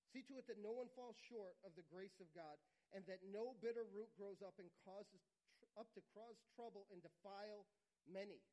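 A man preaching a sermon, earnest and repetitive, sometimes dropping to a quiet, intimate tone. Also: sits high, poor audio. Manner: earnest, repeats phrases for emphasis, drops to quiet intimate tones. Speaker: pastor.

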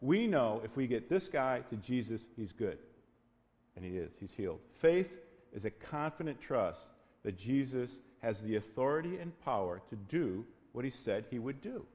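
A man's voice: medium pitch, sing-song, normal speed, darkish tone. A man preaching a sermon as pastor, earnest and conversational, often restarting his phrases. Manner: earnest, restarts often, acts out quoted voices. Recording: long hall reverb.

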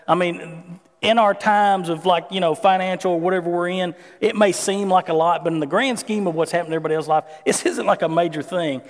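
A man's voice: high-pitched, fast, vocal fry. A man preaching a conversational sermon, mixing scripture reading with folksy personal stories. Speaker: pastor. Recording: long hall reverb.

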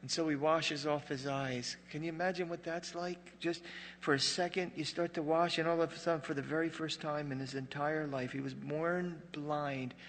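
A man preaching a sermon as pastor, a joking, conversational storyteller who drops to a hush for dramatic moments. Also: a little high, fairly even intonation, normal speed, big-room sound, a little hiss or hum.

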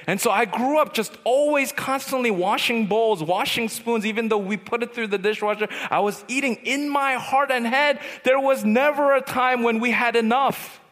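A man's voice: sits high, moderate pace. A young man preaching at a youth retreat, telling personal stories and acting out the voices in them. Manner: animated storyteller, acts out voices. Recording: long hall reverb.

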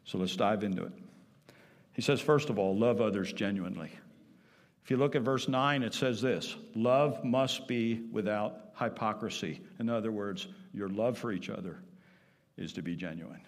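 A man's voice: lowish voice, normal speed. Emphatic male pastor in a reverberant hall. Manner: emphatic, repeats key phrases, asks the congregation questions. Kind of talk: sermon. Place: church sanctuary. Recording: long reverb of a church hall.

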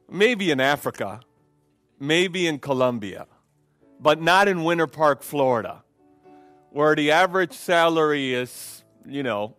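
This clip features a pastor whose voice sits a little high and a bit bright, captured without any room sound. Fervently, he delivers a sermon and leads prayer at a church service, repeating phrases and leaning on fillers often.

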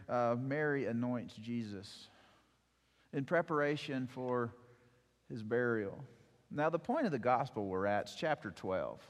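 Man preaching in a reverberant hall. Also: mid-range voice. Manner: storytelling, animated retelling with acted quotes. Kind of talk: sermon.

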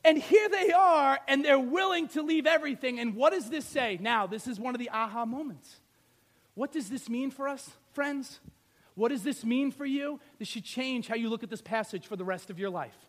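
A male pastor preaching an animated sermon, firing rhetorical questions and swinging from loud to soft. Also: very high voice, normal speed.

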